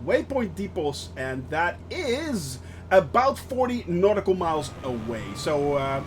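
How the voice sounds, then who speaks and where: A man streaming a flight simulator, chatting through his flight with lots of fillers and bursts of excitement. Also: a little high, unhurried, noisy background. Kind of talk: live gameplay commentary.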